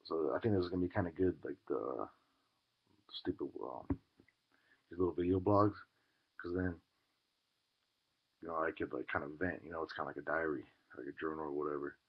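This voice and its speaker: Very deep gravelly mumbling man. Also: brisk, long pauses, muffled recording. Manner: mumbling, hesitant, filler-heavy. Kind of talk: calm confessional vlog.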